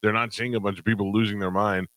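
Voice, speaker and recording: A man with a very low voice hosts a radio show, spinning a funny story in an easy, amused way. The studio sound is close and dry. He laughs easily as he goes. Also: flat delivery, fast, fairly bright tone, no echo, low-quality recording. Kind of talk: casual radio chat.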